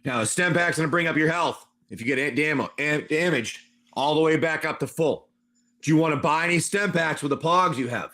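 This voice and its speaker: A man game master narrates a wasteland tabletop adventure on a stream. He talks in a loose, rambling way with plenty of asides and calls on his players by name. His voice sits slightly high for a man. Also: brisk, pushed and bright.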